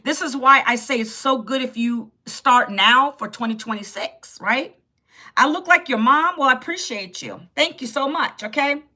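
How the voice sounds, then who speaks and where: High, bright-voiced woman in her fifties. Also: moderate pace. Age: 50s. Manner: chatty, talks straight to viewers' comments, laughs often. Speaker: live-stream host. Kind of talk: casual live-stream chat.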